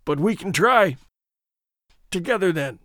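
A man voicing a stern male landowner trapped in a forest, speaking in an earnest, measured way for a storytelling podcast. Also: sits high, expressive, a bit bright, no echo, studio quality. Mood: grim.

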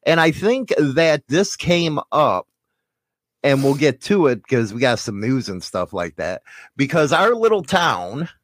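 Lively joking man, dry close sound. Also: medium pitch, unhurried, no echo. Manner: joking, rambling, bawdy. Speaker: podcast co-host. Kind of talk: casual crude chat.

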